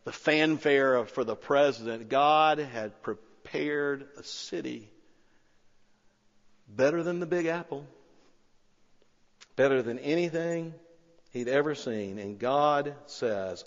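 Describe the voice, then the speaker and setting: A man preaching a sermon, telling a story with rising excitement and then pleading quietly and earnestly. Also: mid-range voice, slow pace, pauses often. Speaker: pastor. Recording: long-reverb hall, slightly dull sound.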